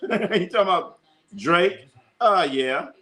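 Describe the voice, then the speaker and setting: A man hosts a casual live sports stream and reacts to viewer comments as they come in. His voice sits a bit high for a man, and it often jumps up into excited bursts. He keeps the talk loose and conversational. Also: slow pace.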